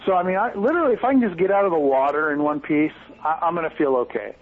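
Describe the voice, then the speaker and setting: A man's voice: fairly high pitch, fast, narrow, tinny audio. Upbeat man, enthusiastic and chatty. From Bend, Oregon. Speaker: podcast guest. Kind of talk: casual chat.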